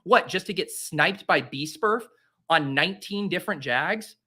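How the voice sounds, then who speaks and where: Here the host's voice sits high, husky, pushed and bright, animated yet a little slow. This young man runs a fantasy football show and drafts alone, chatting loosely while theatrically ribbing himself in exasperation.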